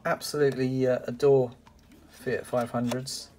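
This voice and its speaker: A man's voice: mid-range voice, flat delivery, measured pace, darkish tone, slight background noise. A man chatting casually and enthusiastically while unboxing and reviewing die-cast toy cars, with lots of "uh" and "um" and frequent exclamations. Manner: enthusiastic and exclamatory, with many fillers. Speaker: toy car collector reviewing a parcel.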